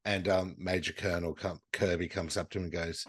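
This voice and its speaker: A man's voice: brisk, husky, no echo. A man co-hosting a podcast, casually retelling movie scenes with swearing and acting out quotes. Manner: animated, swearing, acts out quotes in high voices. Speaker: podcast co-host.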